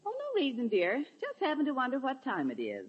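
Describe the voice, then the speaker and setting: An actress playing a mild-mannered middle-aged mother in a 1940s radio comedy, sweet and gently teasing, on a dull old radio recording. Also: high voice, wildly swooping pitch, fairly quick, slightly rough, full character voice.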